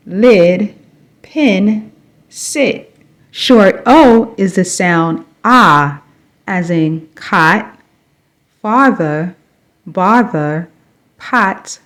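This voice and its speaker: A woman teaching phonics, reading sounds and example words one at a time with long pauses between them. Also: lowish voice. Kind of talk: slow, paced phonics instruction.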